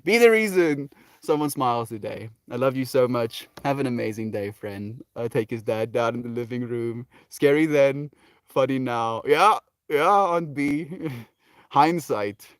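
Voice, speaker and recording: A man's voice: mid-range voice, lively intonation, a little slow, clear, resonant tone, no room sound. A man hosting a casual livestream, reading viewer comments and answering with earnest encouragement and frequent laughs. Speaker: livestream host.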